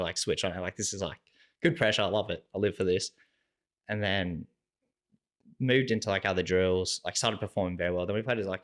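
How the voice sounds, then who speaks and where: A young Australian man, a podcast guest, casually telling stories and acting out what people said, with "like" in nearly every sentence. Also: deep voice. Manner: relaxed, animated storyteller acting out quoted dialogue, heavy use of "like". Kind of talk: casual storytelling chat.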